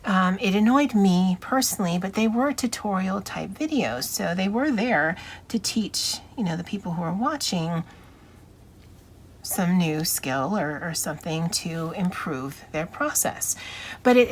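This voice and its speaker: A woman with a Hawaiian accent chatting casually in a vlog, soft and halting, stumbling over her words while she works on a picture. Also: medium pitch, lively intonation. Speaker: YouTuber.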